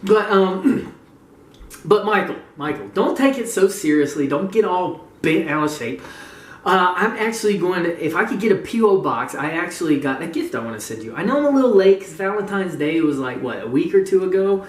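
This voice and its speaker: A man with a high, expressive voice rants casually to his gaming community as a vlogger, speaking at a normal speed. He sounds gleeful and mocking, laughing often and swearing freely. The recording is roomy, with his voice sitting away from the mic.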